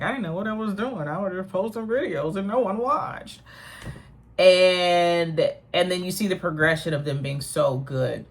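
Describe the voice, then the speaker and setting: A woman comedian talks straight to her camera from her apartment, rambling, self-mocking and laughing often. Her voice sits somewhat low for a woman. The delivery is loose and conversational. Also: a bit bright. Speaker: stand-up comedian. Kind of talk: casual talk to camera. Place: home in New York without central air.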